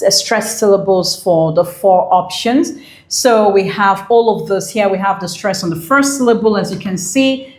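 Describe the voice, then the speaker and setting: A woman's voice: medium pitch, echoey room. A woman teaching an exam prep English lesson, explaining patiently with many fillers and repeats.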